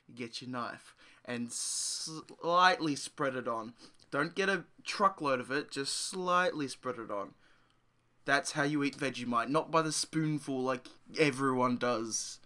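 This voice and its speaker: A man with an Australian accent, a podcast co-host talking in animated, casual chat. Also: mid-range voice, unhurried.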